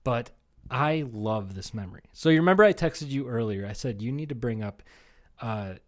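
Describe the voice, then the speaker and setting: With a mid-range voice, lively intonation and normal speed, a man in his thirties from Iowa co-hosts a comedy podcast. His casual talk is full of rambling, profane stories, and he swears a lot and imitates others.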